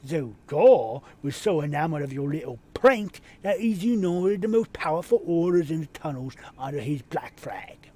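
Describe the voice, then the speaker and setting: A man voicing a gruff, exasperated pirate commander in a video game, in a put-on rough sailor accent, barking orders. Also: fairly high pitch, warm tone.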